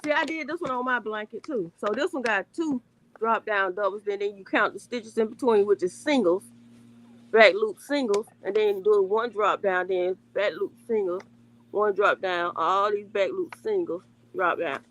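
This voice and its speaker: A woman's voice: mid-range voice, normal speed. Country-accented woman demonstrating crochet. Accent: country American. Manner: explains step by step, repeating herself. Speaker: crafter guest. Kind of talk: casual crafting demonstration.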